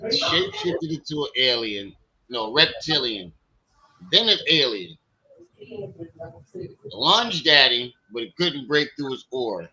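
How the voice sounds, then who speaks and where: A man's voice: mid-range voice, very animated, slow, pauses often, bright, forceful tone, dull audio. A man hosting a casual stream, retelling a friend's story in a mocking, incredulous way. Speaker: stream host. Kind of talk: casual commentary.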